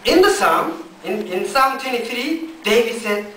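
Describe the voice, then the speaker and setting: A man with as his preaching a sermon in a church hall, speaking slow, deliberate English full of fillers and restarts. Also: very high-pitched, lively intonation, bright, forceful tone. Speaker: pastor. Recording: echoey church hall from far off.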